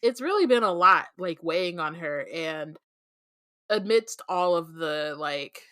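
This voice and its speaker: Woman, podcast co-host, lower pitch, bright tone, dry close sound, chatty recap. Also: animated, a little slow, clean tone, no echo. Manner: chatty, many fillers, laughs often. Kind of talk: casual book discussion.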